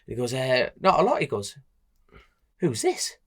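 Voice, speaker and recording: A man's voice: mid-range voice, quick pace. A young man with a Geordie accent, chatting on a podcast and telling a story while acting out the voices. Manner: animated storyteller, acts out voices, laughs often. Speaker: podcast co-host, road racer. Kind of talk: casual chat, storytelling.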